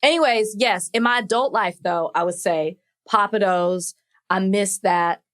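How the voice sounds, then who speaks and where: A woman from Dallas, co-hosting a podcast in loose, casual conversation. She teases her co-host and laughs often. Her voice sits at a middle pitch for a woman. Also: measured pace, fairly bright tone. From Dallas, Texas. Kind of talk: casual chat.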